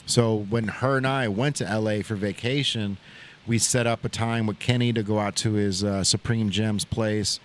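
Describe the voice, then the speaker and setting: A man's voice: lowish voice, steady tone, moderate pace, a little hiss or hum. Rambling man telling a story, casual chat. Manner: rambling storyteller, heavy on "like" and "bro". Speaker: podcast host. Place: open shop at a riverside shopping center.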